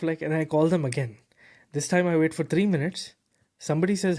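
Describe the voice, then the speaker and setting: A man hosting a tech podcast, telling a story in a lively, casual way with lots of fillers and repeated words. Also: on the high side, fast. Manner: animated, repeats words, heavy fillers like "bro" and "you know". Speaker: podcast host.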